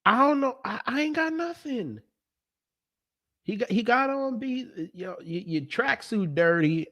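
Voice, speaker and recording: A man's voice: very high voice, expressive, unhurried, a bit bright, dry recording, clean studio sound. A man reacting to clips in casual commentary, sarcastic and exasperated, stammering through restarts. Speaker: commentary vlogger.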